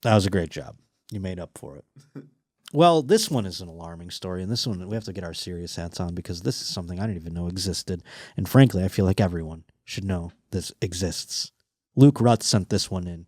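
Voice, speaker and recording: Crude, animated male podcast host. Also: low voice, brisk, no echo, studio quality. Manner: crude, animated, mocking, swears constantly. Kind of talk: casual comedic chat.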